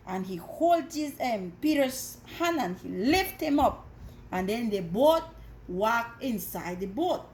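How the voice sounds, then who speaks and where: A woman teaching a Bible story to children, animated, with dramatic gasps. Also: a little high, a little slow, a little hiss or hum. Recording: echoey room.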